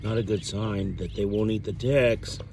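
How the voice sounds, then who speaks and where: A man's voice: fairly low pitch, fairly even intonation, moderate pace, gravelly, darkish tone, soft background music. A man vlogging about his homestead garden, chatty and playful, talking outdoors. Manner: chatty and playful, coos at animals. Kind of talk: casual family vlog.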